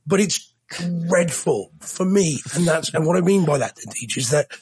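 A man's voice: fairly high pitch, expressive, a little slow, husky. An English man co-hosting a podcast, telling a story in a chatty, teasing way. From England. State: coughing. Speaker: podcast co-host. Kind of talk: casual chat.

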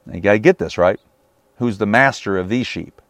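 A man's voice: fairly low pitch, brisk, fairly bright tone, no room sound. A man preaching a sermon on a Bible passage, emphatic and often asking his listeners rhetorical questions.

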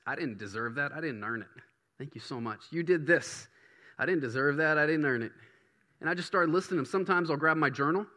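Man, middle-aged, pastor, sermon, conversational, bright tone, rising to emphatic. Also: a little high. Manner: conversational, builds to emphatic preaching. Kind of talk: sermon teaching on prayer.

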